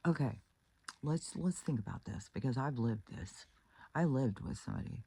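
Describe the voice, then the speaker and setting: A woman's voice: extremely low pitch, expressive, moderate pace, gravelly, mellow, breathy edge. A woman giving relationship advice in a casual monologue, blunt and profane, retelling stories with acted-out quotes.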